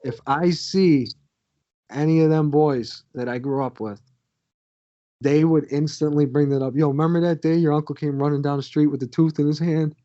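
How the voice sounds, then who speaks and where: A man's voice: fairly high pitch, steady tone, normal speed, warm tone, muffled recording. A man co-hosting a podcast, telling a crude, swear-filled story from his youth in a casual way. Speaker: podcast co-host.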